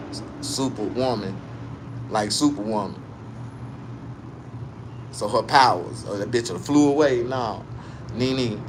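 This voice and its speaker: A male comedian telling a raunchy, profane story, swinging between low muttering and loud, high yelps. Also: background noise.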